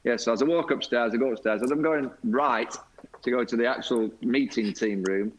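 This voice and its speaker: A man, a guest on a video call, telling a lively anecdote with laughter and quoted voices. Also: mid-range voice, normal speed, background noise. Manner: lively storyteller, laughs often, mimics teammates. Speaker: former cricket captain guest. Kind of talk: anecdotal storytelling.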